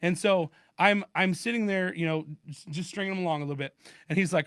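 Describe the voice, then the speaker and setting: Brief: quick, high-pitched male podcast co-host, animated storyteller, dry close sound. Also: clear, resonant tone, no room sound. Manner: animated storyteller acting out both sides of a phone call. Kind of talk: casual storytelling chat.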